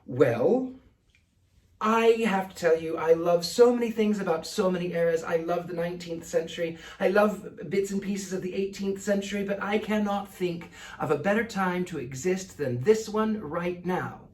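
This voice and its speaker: A man's voice: high-pitched, moderate pace, echoey room, far from the mic. A man with an old-fashioned Mid-Atlantic accent and theatrical, precise diction, answering viewer questions in a casual monologue. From United States.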